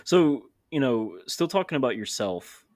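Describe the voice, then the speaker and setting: A man's voice: mid-range voice, big pitch swings, unhurried, darkish tone, no room sound. A young adult man hosting a podcast, telling candid, self-deprecating stories in casual chat. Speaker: podcast host.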